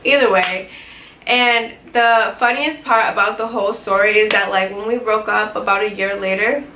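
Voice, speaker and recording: A young woman telling a story in a casual vlog, animated, swearing often and filling with "like". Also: medium pitch, normal speed. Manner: animated, heavy swearing, lots of "like". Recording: echoey room with faint ambient noise.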